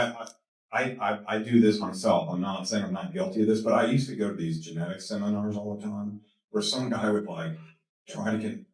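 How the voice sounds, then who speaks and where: A man as a guest speaker at a talk, telling a story with lots of energy, laughing and repeating words as he gets excited. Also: fairly low pitch. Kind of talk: animated storytelling in a Q&A. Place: lecture hall. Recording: echoey hall, mic from a distance.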